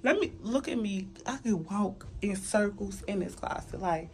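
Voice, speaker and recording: A woman's voice: mid-range voice, animated, normal speed, a little mellow, a little hiss or hum. A tired, emotional woman vlogger giving a casual tour of her new apartment, talking straight to her viewers while holding a phone camera. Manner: chatty, keeps addressing viewers as y'all. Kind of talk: casual home tour vlog. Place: new apartment and building common areas, indoors.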